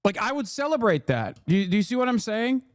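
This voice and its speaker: A man's voice: high-pitched, sing-song, fast, dry recording. A man doing casual livestream commentary, sarcastic and profane, riffing and talking into a close desk mic. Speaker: streamer and political commentator.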